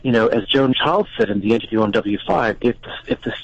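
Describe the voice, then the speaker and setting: A man's voice: mid-range voice, expressive, fast talker, gravelly, no echo, poor audio. A man calling in as a guest author on a radio interview, talking earnestly and often repeating words as he recounts events. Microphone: phone.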